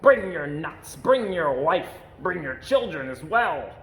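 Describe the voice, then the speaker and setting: Loud bouncy woodpecker dude, man voicing it, salesy, echoey room. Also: on the high side, sing-song, slow pace, exaggerated voice. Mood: pushy. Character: pushy, boastful male woodpecker.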